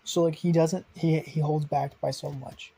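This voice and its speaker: A young man tells an improvised story in a loose, rambling way, stumbling over restarts and dropping casual curses. His voice is husky and mellow, sitting a little higher than most men's. He sounds off the cuff rather than scripted. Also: level tone, normal speed, rough recording. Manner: rambling, with fillers, restarts and swearing. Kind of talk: improvised fan-fiction storytelling.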